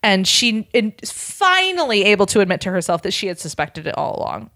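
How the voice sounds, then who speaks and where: A woman podcast host reading a fan fiction story aloud, voicing the dialogue in a hushed, deadpan way. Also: mid-range voice, brisk, dry recording, clean studio sound. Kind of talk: casual reading aloud with chat.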